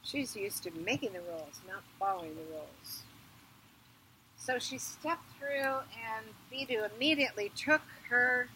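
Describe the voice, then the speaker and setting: A woman telling a myth at an outdoor fire circle, dramatic, with loud swells in her voice. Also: a little high, unhurried, a little hiss or hum, rough recording. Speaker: storyteller. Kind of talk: oral storytelling at a ritual.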